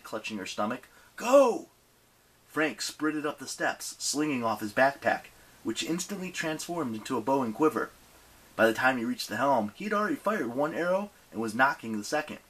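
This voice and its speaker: A male audiobook narrator reads scripted material in an expressive storytelling style. His medium-pitched voice is husky and lively.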